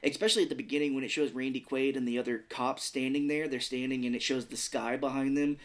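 A man in his thirties co-hosts a casual movie podcast, recapping films while laughing, joking, and acting out lines in silly voices. His mid-range voice stays steady in tone and moves at a quick pace.

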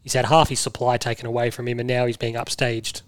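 A man's voice: mid-range voice, completely flat delivery, fast. An Australian man co-hosting a sports podcast, teasing his mates and reeling off stats. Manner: teasing, sarcastic, rattles off stats. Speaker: podcast co-host. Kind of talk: casual sports chat.

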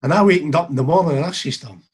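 Husky Scottish man spinning a yarn. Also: on the high side, very fast. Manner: rambling, chuckling, quotes others in reported speech. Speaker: guest, former footballer. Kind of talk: casual anecdotal storytelling.

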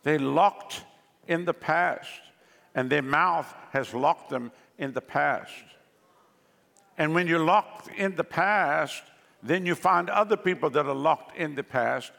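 A man's voice: a little high, slow, vocal fry, pushed and bright. A male pastor preaching a sermon, telling jokes and stories to the congregation in a large church hall. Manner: joking, storytelling preacher. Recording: long hall reverb.

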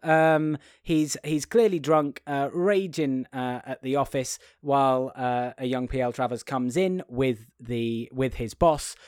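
A man co-hosting a casual film discussion, talking with many restarts and often acting out quotes in high, silly voices. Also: fairly even intonation, measured pace, few pauses, darkish tone, clean tone, no echo, studio quality. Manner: hesitant restarts. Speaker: podcast co-host.

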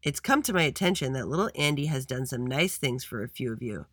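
A man's voice: mid-range voice, expressive, brisk, fairly bright tone, no echo, clean studio sound. A man playing a stern school principal. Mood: firm. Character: stern but fair female school principal.

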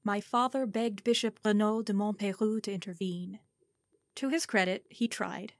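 A woman reads a historical story aloud in a measured, formal way. Her voice sits at an ordinary middle pitch and comes across dry and close, with no room sound around it. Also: no echo. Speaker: audiobook narrator. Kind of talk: scripted narration of historical fiction.

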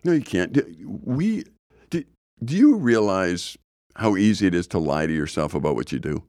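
Blunt middle-aged male podcast co-host, deep-voiced, dry close sound. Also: sing-song, normal speed, a little mellow, no room sound. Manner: blunt, opinionated, stammers on restarts. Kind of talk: casual discussion.

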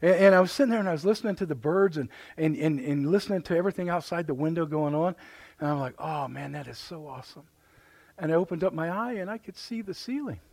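A middle-aged man with a Midwestern American accent preaching a live sermon in church, animated and joking, often repeating his words. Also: fairly high pitch, fast talker, no echo. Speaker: pastor. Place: church sanctuary.

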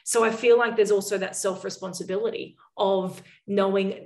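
A woman's voice: mid-range voice, moderate pace, gravelly, hardly any pauses, darkish tone, roomy sound. A woman hosting a podcast, talking in an agreeable, reflective, chatty way. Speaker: podcast host. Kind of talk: casual interview talk. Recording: voice a bit far from the mic.

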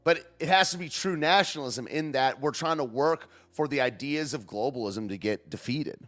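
A man's voice: medium pitch, normal speed, a bit bright. A man hosting a show, rambling through news clips in loose, slangy casual commentary and laughing often. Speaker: show host.

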